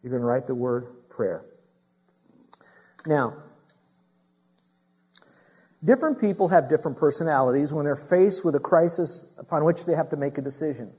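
A man preaching a sermon as pastor, talking straight to his congregation with questions and building to loud, emphatic preaching. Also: fairly high pitch, lively intonation, a little fast, husky.

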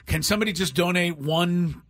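Relaxed sports radio host. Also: male voice, sits high, fairly quick, no room sound. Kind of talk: radio show hosting.

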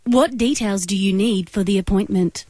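Automated phone voice, stiff measured delivery, woman doing it, mid pitch, slight hiss. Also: a little mellow, close to an everyday voice. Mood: robotic. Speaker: radio prank caller.

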